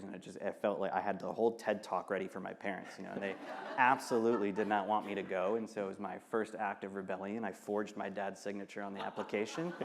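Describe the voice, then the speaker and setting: A man in his thirties from Michigan, speaking candidly and earnestly onstage, often pausing and restarting and laughing between thoughts. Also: lowish voice, gravelly, slight background noise. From Michigan, United States. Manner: earnest, halting, quick to laugh. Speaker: author and guest. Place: festival stage.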